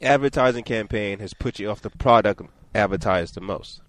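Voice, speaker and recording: A man's voice: on the low side, moderate pace, dry recording. A man co-hosting a podcast, reading listener questions in a jokey, laid-back way. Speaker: podcast co-host.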